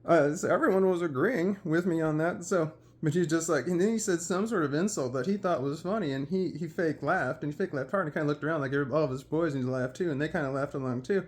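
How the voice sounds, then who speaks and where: A man casually telling a personal story, animated and acting out what others said. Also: fairly high pitch, fast, hardly any pauses. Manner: animated, quotes others in dialogue.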